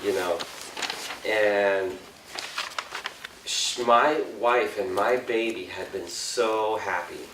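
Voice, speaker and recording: A man's voice: fairly low pitch, takes it slowly, pauses often, background noise. A middle-aged man giving a storytelling talk to a youth group, self-deprecating, chuckling often and asking the audience questions. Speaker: youth confirmation speaker. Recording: echoey room, voice from far off.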